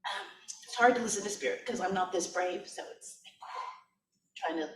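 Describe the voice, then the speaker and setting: A woman sharing a tearful, shaky testimony at a church service, halting and laughing nervously. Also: mid-range voice, animated, slight background noise. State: crying. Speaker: congregant sharing. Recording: roomy hall, mic at a distance.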